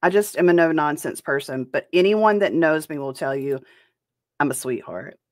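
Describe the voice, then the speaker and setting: A woman's voice: low voice, lively intonation, moderate pace, no room sound, studio quality. A woman hosting a reaction commentary show, talking in a blunt and profane way. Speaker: host.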